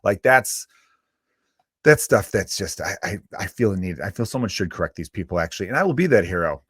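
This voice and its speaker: A man's voice: low-pitched, animated, a little fast, a bit bright, breathy edge, dry recording. Profane, exasperated male comedian ranting. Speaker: comedian podcast host. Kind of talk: casual comedic rant.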